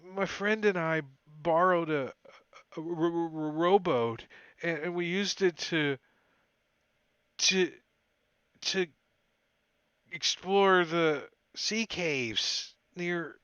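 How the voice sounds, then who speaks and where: Guy doing a scared shivery young prisoner, stammers a lot, voice up high and bright. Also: slow pace, long pauses, clear, resonant tone, no echo. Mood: pleading. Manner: stammering, pleading.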